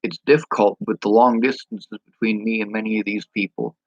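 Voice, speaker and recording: A man's voice: lowish voice, fairly even intonation, fairly quick, no echo, muffled recording. A man talking frankly and bluntly to camera in a casual vlog, swearing freely. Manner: mimics speech impediments. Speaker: vlogger.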